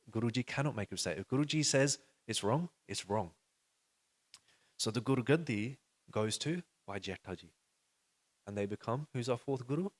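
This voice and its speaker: A man giving an animated storytelling talk to a live audience, acting out quoted dialogue and putting questions to the listeners. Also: mid-range voice. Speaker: speaker at a religious youth session.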